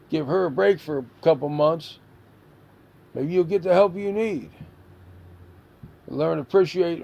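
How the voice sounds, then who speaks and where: Gravelly high-voiced man scolding. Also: unhurried, a little mellow. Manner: scolding, exasperated, rhetorical questions. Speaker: stepfather figure scolding a child. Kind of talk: stern lecture to a child.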